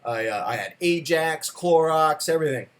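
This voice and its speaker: A man telling a story from his childhood in a conversational talk, with casual fillers and slow, emphatic beats. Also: a little high, animated. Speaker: speaker telling a personal story.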